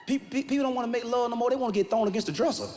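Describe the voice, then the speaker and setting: A stand-up comedian works the room in a very high, animated voice, shouting his punchlines and acting out his stories. The sound carries a long hall reverb over faint room noise. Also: racing. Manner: loud, animated storytelling with shouted punchlines and acted-out quotes. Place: stage in a large hall with a live audience.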